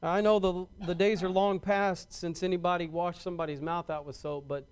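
A man's voice: high voice, level tone, brisk, clear, resonant tone. A man preaching a sermon to his congregation in a conversational way, often restarting and repeating words and asking the congregation questions. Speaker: pastor.

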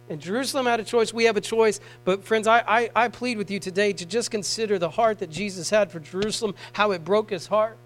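A man preaching a sermon to a congregation, moving between soft, tender passages and raised, pleading appeals. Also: high-pitched, a little fast, hardly any pauses, rough recording. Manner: swings from hushed tender tones to raised pleading.

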